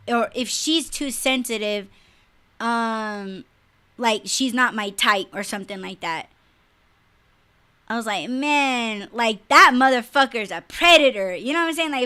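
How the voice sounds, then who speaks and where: A young adult woman co-hosting a podcast livestream, ranting bluntly and profanely in a casual, animated way. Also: a little high. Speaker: podcast co-host.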